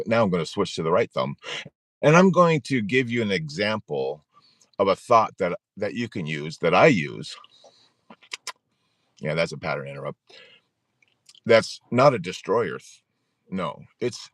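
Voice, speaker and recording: Low-voiced guy in his 40s running a live support group stream, earnest, repeats stuff, chuckles a lot, dry sound. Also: no echo. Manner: earnest, repetitive, chuckles often. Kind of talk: live-streamed motivational talk.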